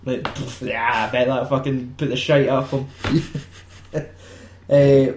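Man, podcast co-host, sweary and giggly, mid-pitched, roomy echo. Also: steady tone, slow, background noise. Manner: sweary, laughing, acts out film lines in silly voices. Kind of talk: casual film chat.

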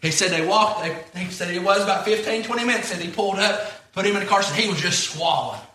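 A man's voice: high voice, fast, pushed and bright, roomy sound. A man preaching a sermon, retelling a story in a folksy way with repeated "he said".

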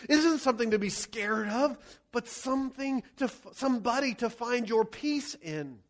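Animated high-voiced male pastor preaching. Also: normal speed. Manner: animated, acts out scenes with shouted quotes. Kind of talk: sermon.

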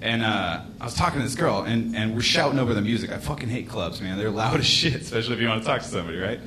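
A man's voice: on the low side, expressive, rapid-fire, background noise. A man in his late twenties doing a rambling, laid-back stand-up set in a comedy club, with casual swearing. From United States. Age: late 20s.

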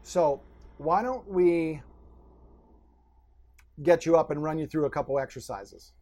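Energetic male posture coach, high voice, instructive, talks the listener through exercises. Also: measured pace. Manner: energetic, instructive, gives step-by-step directions. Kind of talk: coaching guest on a podcast.

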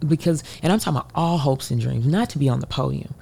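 A woman in her thirties from the United States, an Olympic hurdler telling a race story as an interview guest, acting out quotes with sudden leaps in pitch. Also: fast, gravelly, slightly rough. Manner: animated, acts out her own voice and others in quotes. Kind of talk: emotional storytelling.

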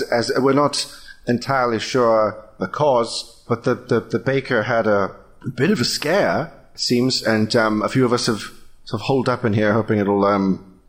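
A man's voice: medium pitch, fairly bright tone. A man voicing a nervous townsman in a put-on British accent, stammering and hesitant, in a remotely recorded tabletop role-play. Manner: hesitant, stammering, full of ums. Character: nervous townsman hiding in a tavern.

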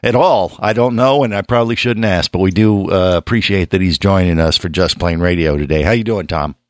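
A man hosting a radio show, his voice raspy from a cold, bantering and teasing his co-hosts in casual chat. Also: low-pitched, fairly quick, no room sound, studio quality.

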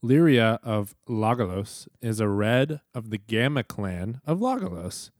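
A man hosting a casual podcast, upbeat and quick to laugh. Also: on the low side, animated, darkish tone, no room sound, clean studio sound. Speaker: podcast host.

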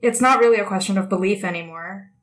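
A woman's voice: medium pitch, fast. Matter-of-fact woman in a chat. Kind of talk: casual political chat.

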